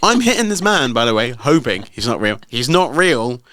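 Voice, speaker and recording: Lively man telling stories. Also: moderate pace, dry recording, studio quality. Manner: animated storyteller, acts out quotes with big pitch jumps. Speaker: podcast co-host. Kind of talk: casual chat.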